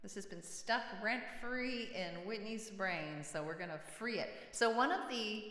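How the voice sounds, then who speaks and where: A woman's voice: medium pitch, unhurried, a bit bright. Chatty woman streamer in a reverberant room. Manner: chatty, laughs often, reads chat aloud. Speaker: singer-songwriter livestream host. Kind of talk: casual livestream chat with viewers. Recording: roomy with long reverb.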